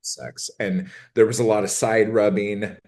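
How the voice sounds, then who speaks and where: A man's voice: on the low side, flat delivery, measured pace, darkish tone. A man co-hosting a podcast, recapping a film in a crude, rambling, joking way. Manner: crude, rambling, jokey storytelling with acted-out quotes. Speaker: podcast co-host. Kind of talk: casual chat recapping a film.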